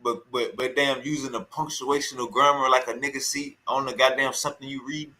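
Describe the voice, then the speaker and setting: A man with a bright, cutting voice and a mid-range pitch, running mocking commentary on a call. He teases relentlessly and hammers the same jabs in repetition. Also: fairly even intonation, a little fast, rough recording. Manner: teasing, repeats taunts over and over. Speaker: streamer reacting to a call.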